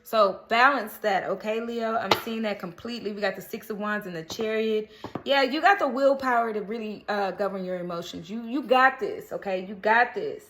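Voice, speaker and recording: Against a noisy background, a woman with a mid-range voice and moderate pace reads tarot for a casual daily horoscope. She keeps it chatty and earnest, coaxing viewers and often checking in with "okay?".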